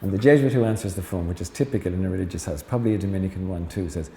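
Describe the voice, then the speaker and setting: In an echoey hall with faint background noise, a middle-aged Irish man who is a Jesuit priest delivers a chatty, anecdote-filled lecture and teases the audience as he goes. His voice is lowish and dark, and he talks rapid-fire with hardly any pauses.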